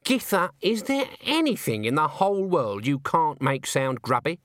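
A man voicing a stern, sharp-tongued old witch woman who snaps commands. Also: a little high, very animated, normal speed, no echo, clean studio sound, voice pushed up.

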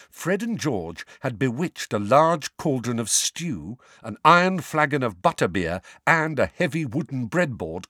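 Man, audiobook narration, lively, low voice, dry studio. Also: no echo. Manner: lively expressive reading. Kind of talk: scripted narration.

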